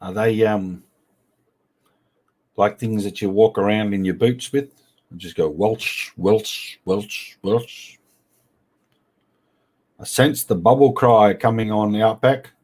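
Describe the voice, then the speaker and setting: A man's voice: lowish voice, normal speed, long pauses, darkish tone. A man hosting a casual live stream, reading out viewer comments in a playful, teasing way. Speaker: livestream host.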